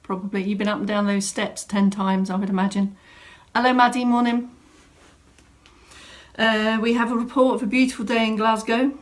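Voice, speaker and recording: A woman's voice: on the high side, flat delivery, normal speed. Woman instructor, chatty and welcoming, home studio live stream. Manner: chatty, greets viewers by name. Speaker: fitness instructor. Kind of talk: live online class welcome. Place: home room set up as studio.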